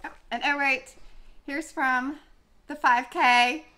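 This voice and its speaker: A woman's voice: sits high, steady tone, slow pace, bright, forceful tone. A young woman vlogging in a casual, chatty way, gushing, with many fillers and restarts. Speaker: running vlogger. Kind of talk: casual chat.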